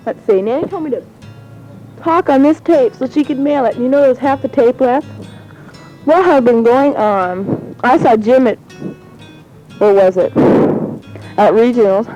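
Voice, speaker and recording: On a muffled 1970s home cassette, a high school girl rambles and laughs through a spoken letter. Her teenage voice is mellow and sits on the high side.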